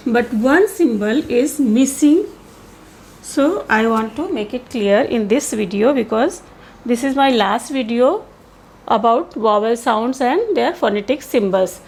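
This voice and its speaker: A woman teaching English pronunciation, saying each sound slowly and deliberately with pauses and fillers. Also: on the high side, a little mellow, a little hiss or hum. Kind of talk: pronunciation lesson.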